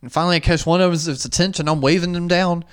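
Animated, swearing male podcast host. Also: fairly high pitch, quick pace, smooth. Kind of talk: casual chat.

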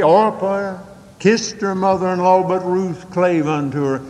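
An older man preaching a sermon, telling folksy stories with dramatic swings from quick asides to slow, drawn-out emphasis. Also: steady tone, big-room sound. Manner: folksy storytelling with dramatic swings in pitch and pace.

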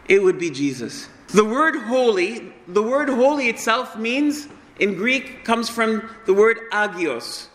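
A man preaching a sermon, passionate, racing through some phrases and slowing to solemn stresses on others. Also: high voice, expressive, fairly bright tone. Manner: impassioned, swings between fast bursts and slow solemn stresses. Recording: long hall reverb.

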